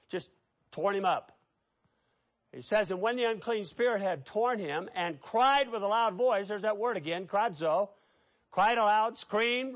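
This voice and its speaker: A man delivers an expository sermon in a fairly high voice. He preaches emphatically, dropping into low, quiet asides and then rising into loud, forceful bursts. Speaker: pastor.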